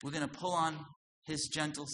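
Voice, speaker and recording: Male preacher, fairly high, tense bright voice, loud-then-soft delivery, long hall echo. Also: flat delivery, normal speed. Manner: swings from loud emphatic lines to soft low asides. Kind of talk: sermon. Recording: long hall reverb with faint noise.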